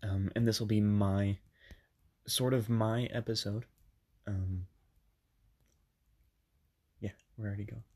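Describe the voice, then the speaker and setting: A man in his twenties hosting a podcast from a bedroom padded with soft things. He is slightly sick and tells his story casually, with many ums and self-corrections. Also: fairly low pitch, steady tone, slow pace, pauses often, slightly rough. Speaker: podcast host.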